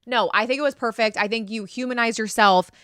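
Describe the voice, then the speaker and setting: A woman's voice: on the high side, fairly even intonation, fairly quick, a bit bright, clean tone, no room sound, studio quality. A woman co-hosting a comedy podcast over a video call, chatting casually and reassuring her co-host. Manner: supportive, reassuring. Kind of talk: casual chat.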